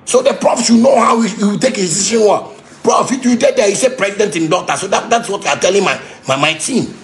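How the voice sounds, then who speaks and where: A man with a Ghanaian Pidgin English accent ranting angrily, heated and repetitive, sometimes shouting. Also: sits high, fast talker, slight background noise. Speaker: musician ranting on a livestream. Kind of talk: angry unscripted rant.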